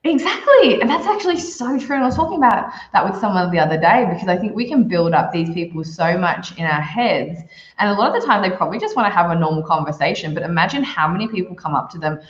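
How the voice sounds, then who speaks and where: Animated woman, echoey lo-fi audio. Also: on the low side, fast. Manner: animated, quoting people in shifting voices. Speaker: guest. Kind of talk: casual storytelling. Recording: lo-fi roomy remote audio.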